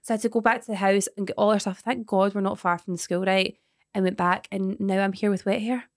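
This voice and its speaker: A Scottish woman in her thirties, a podcast co-host telling everyday stories in casual chat, animated and swearing now and then. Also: mid-range voice, fast talker, no echo, clean studio sound.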